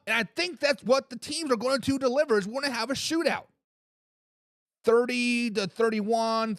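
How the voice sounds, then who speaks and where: A man hosts a sports talk live stream, reading out viewer comments and ribbing the people who sent them. His voice sits high and swings widely in pitch, keeping him excitable and animated. The sound is close and dry, with no room around it. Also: no echo. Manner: excitable, laughs and repeats himself, teases commenters. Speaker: sports talk show host.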